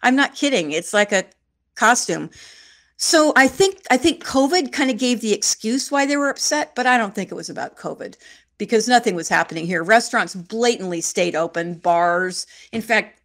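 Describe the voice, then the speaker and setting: Her medium-pitched voice is expressive and a bit bright, moving at a moderate pace. This sixty-something interview guest from Shasta County, California, chats in an emphatic, wry manner, repeating phrases to drive points home.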